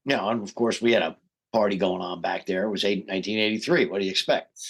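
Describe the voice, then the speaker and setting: A middle-aged man, a rock singer guesting on a podcast, telling a story with lively acted-out quotes. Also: fairly low pitch, quick pace, vocal fry, breathy edge. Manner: animated storyteller who acts out quoted voices. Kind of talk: casual storytelling interview.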